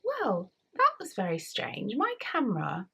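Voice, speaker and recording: Slow, breathy English woman chatting. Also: medium pitch, wildly swooping pitch. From England. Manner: chatty, often trailing off into soft near-whispers. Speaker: knitting podcast host. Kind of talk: casual chat to camera. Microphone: camera mic.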